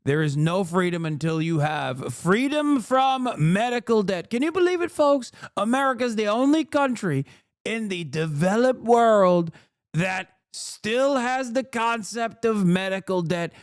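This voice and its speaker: A man putting on the voice of a bombastic male populist politician, delivering a mock rally speech full of shouted rhetorical questions. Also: extremely high pitch, no echo, studio quality, pitched above the performer's own voice, full character voice.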